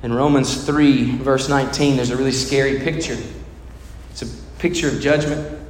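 A man's voice: medium pitch, steady tone, normal speed. A man preaching a sermon as a pastor, telling stories dramatically and acting out the voices of the people in them. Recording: echoey hall, faint noise.

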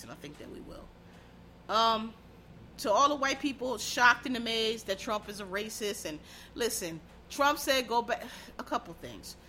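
A woman's voice: medium pitch, sharp tone, slight background noise. Blunt, profane woman ranting. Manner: blunt, profane, heated and sarcastic. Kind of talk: casual ranting commentary.

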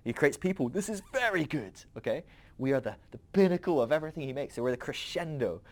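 A man's voice: on the high side, animated, fast. A man hosting a podcast, talking through a rambling, conversational philosophical monologue with frequent asides to the listener. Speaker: podcast host.

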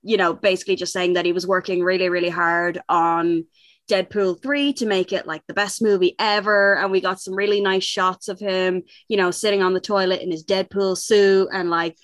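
A woman co-hosting a podcast, chatting casually and excitedly, laughing often and rambling with fillers. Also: fairly low pitch, normal speed, dry recording. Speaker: podcast co-host. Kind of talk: casual chat.

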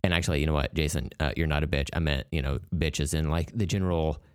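Podcast dude with a really deep voice, rambly and loose, tosses in swears. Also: male voice, fairly even intonation, quick pace, clean tone. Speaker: podcast co-host. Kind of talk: casual chat.

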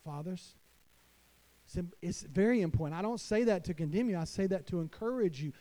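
A man pastor preaching a sermon to fathers, emphatic, swinging between hushed lines and loud declarations. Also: high voice, animated, a little fast. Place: church.

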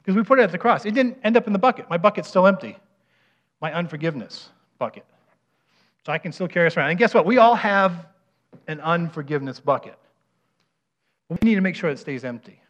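A man's voice: sits high, expressive, quick pace, long pauses, fairly bright tone. Guy pastor chatting thru a sermon demo, keeps saying right?, kinda muffled recording. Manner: asks the audience questions, often adds "right?". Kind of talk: conversational sermon with a live demonstration.

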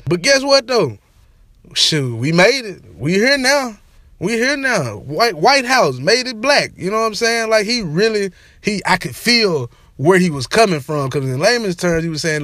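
High-pitched animated male vlogger, dry sound. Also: normal speed, no room sound. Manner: animated, slangy, repeats catchphrases. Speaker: sports and entertainment vlogger. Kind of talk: casual opinion rant to camera.

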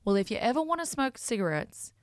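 A woman's voice: fairly high pitch, sing-song, fast, dry recording, studio quality, voice pushed up. A woman voicing her blunt, matter-of-fact father as he gives her advice. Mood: lecturing. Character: blunt, protective middle-aged father giving advice.

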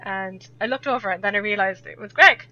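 A woman's voice: medium pitch, fairly quick. A young Irish woman telling a rambling story in casual chat, laughing often as a podcast guest. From Ireland. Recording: dull lo-fi audio.

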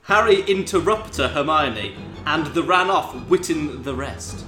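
A man's voice: fairly high pitch, lively intonation, measured pace, pushed and bright, echoey room, soft background music. A man co-hosting a comedy show, reading a fan fiction aloud with joking asides and frequent laughter. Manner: laughs often, jokey asides. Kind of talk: comedic dramatic reading with banter.

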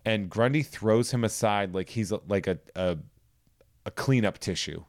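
A man's voice: on the low side, normal speed, no room sound, studio quality. A man co-hosting a podcast, retelling a story in a loose, joking way and swearing freely. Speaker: podcast co-host. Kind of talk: casual comic plot recap.

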